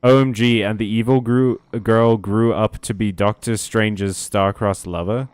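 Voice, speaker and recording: A man's voice: lowish voice, steady tone, a little slow, smooth, no room sound. A man streaming a video game, chatting casually and reading out chat, with sarcastic asides and plenty of swearing. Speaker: gaming streamer. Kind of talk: casual let's-play commentary reading chat.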